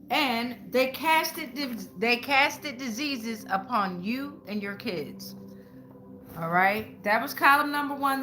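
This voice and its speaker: A woman hosts a live-streamed tarot reading in a loose, slangy way, swearing freely and greeting her viewers in chat. Her voice sits a little high and comes across bright and sharp. Soft music plays behind her. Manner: casual, slangy, profane, talks to chat. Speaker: tarot reader. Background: faint background music.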